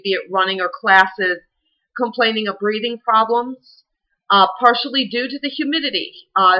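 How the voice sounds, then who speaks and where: A woman's voice: medium pitch, highs cut off. A young adult woman with a Southern US accent, a fitness instructor giving chatty, encouraging workout advice to the camera. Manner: chatty and encouraging, many fillers. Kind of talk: casual advice talk to camera.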